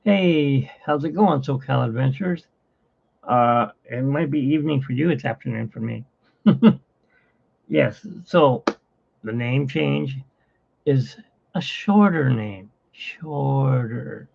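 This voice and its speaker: A man's voice: medium pitch, takes it slowly, creaky, long pauses, husky. A man hosting a casual livestream from his phone, rambling and chatty with frequent laughs, in dull lo-fi phone audio. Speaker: livestream host.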